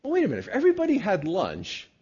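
A man who is a pastor, preaching a sermon with emphatic peaks that drop to quiet asides. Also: sits high, huge pitch swings, racing, husky. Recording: dull lo-fi recording.

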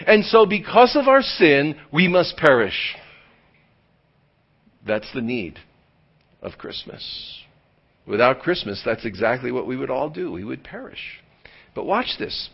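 Lively pastor swinging from loud to hushed. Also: male voice, medium pitch, gravelly, husky. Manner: swings from loud emphatic lines to hushed near-whispers; draws out key words slowly for emphasis. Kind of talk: sermon. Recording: dull lo-fi sound.

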